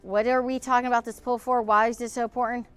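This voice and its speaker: A woman's voice: fairly high pitch, little pitch movement, fast, fairly bright tone, smooth, faint music behind. A middle-aged woman, hosting a casual vlog outdoors beside an old pool and talking indignantly to camera. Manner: indignant, emotional, ranting. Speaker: vlog host.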